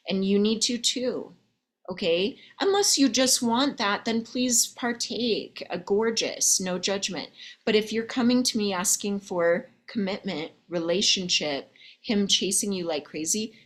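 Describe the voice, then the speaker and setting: Slow-talking woman love coach. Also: medium pitch, expressive. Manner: chatty, sprinkles in "okay?" and "like"; addresses listeners as ladies, honey, babe. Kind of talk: coaching talk to viewers.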